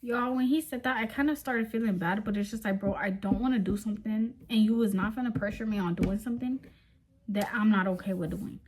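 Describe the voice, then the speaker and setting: A young woman vlogger telling a story in casual storytime style, animated and full of slang, talking straight to her viewers. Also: mid-range voice, a little fast, a little hiss or hum.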